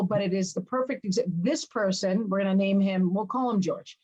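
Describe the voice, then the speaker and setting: A woman in her fifties, a business trainer guesting on a podcast, talking in a lively and dramatic storytelling way. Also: mid-range voice, lo-fi sound. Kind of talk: casual interview talk.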